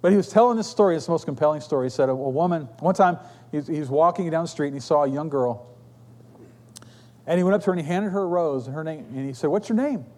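A fairly high-voiced man preaches from a church pulpit, telling his story in an easy, chatty way with quick asides to the people in front of him. His voice rings out with a long trail of reverb through the sanctuary. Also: a little mellow. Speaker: pastor. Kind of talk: sermon.

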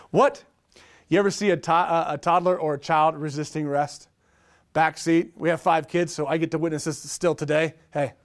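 A middle-aged man preaching a sermon, energetic, with rhetorical questions and repeated phrases. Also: a little high, brisk. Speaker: pastor.

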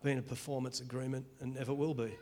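A man's voice: mid-range voice, level tone, a little mellow. Earnest Australian man testifying in church. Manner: earnest, emotional, halting with restarts. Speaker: church member giving testimony.

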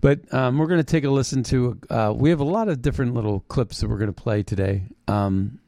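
Man, political commentary host, mocking tone, halting restarts, middle pitch, dry close sound. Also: warm tone, no echo. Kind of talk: opinionated commentary monologue.

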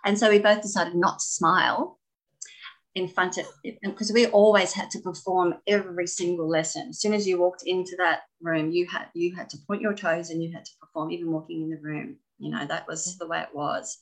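A woman telling stories about her ballet training in a casual interview, animated and laughing often. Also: fairly low pitch, fairly quick, low-quality recording. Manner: animated, laughing, expressive storyteller. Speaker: guest, former ballet dancer.

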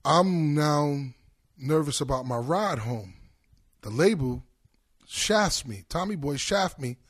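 Animated New York man telling a story. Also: a little high, takes it slowly. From Brooklyn, New York. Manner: animated, profane, acts out quoted friends. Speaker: podcast guest. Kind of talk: casual storytelling.

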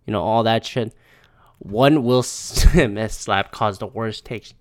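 A man's voice: fairly low pitch, slow. A man from Philadelphia hosting a solo podcast, ranting profanely and animatedly and laughing between thoughts. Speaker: podcast host.

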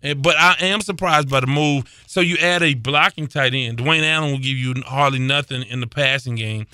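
A man's voice: medium pitch, moderate pace, sharp tone, smooth, no room sound, studio quality. A man hosting a sports talk chat, giving opinions with lots of uhs as he thinks aloud.

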